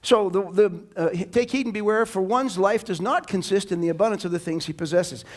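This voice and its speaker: A man preaching a sermon in church as the pastor, animated and emphatic, now and then rising into loud bursts. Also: sits high, fairly quick.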